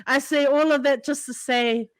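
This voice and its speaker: Brief: Kiwi woman podcast host, bright higher voice, teasing, chatty, dry close mic. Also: steady tone, no echo. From Samoan heritage, New Zealand. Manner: bubbly, teasing, quick laughs. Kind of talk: casual chat.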